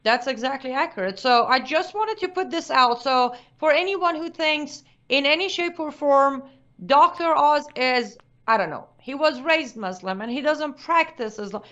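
A woman's voice: sits high, moderate pace, a bit bright. A woman guest on a talk show who states her views emphatically and firmly. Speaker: guest commentator. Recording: dull lo-fi sound.

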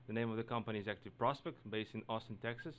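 A man from Ukraine with a Ukrainian accent, a studio interview guest speaking soft, halting English with frequent restarts. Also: lowish voice. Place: radio studio.

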